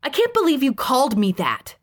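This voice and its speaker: A man's voice: high voice, lively intonation, a little slow. A woman voicing a whiny, touchy homebrewer man. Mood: indignant. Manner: whiny, defensive, yelling. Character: touchy grown man proud of bad homebrew.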